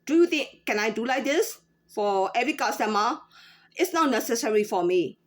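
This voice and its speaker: A woman in her thirties or forties speaking in a casual unscripted monologue, halting with many fillers and restarts. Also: on the high side, expressive. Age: 30s to 40s. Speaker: former store employee.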